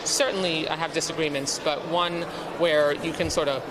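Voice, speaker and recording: A woman politician answering interview questions in a measured, halting, formal way. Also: low voice, steady tone. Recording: noisy outdoor street audio.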